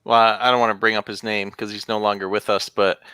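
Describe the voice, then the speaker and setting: A man's voice: lowish voice, flat delivery, brisk, pushed and bright, clean tone, no room sound. A man co-hosting a podcast, casually bringing up a convention story but holding back a name. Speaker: podcast co-host. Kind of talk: casual chat.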